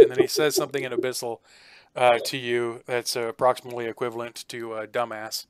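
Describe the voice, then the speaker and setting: A man narrating a tabletop game as game master, halting with many fillers and restarts. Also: medium pitch, level tone.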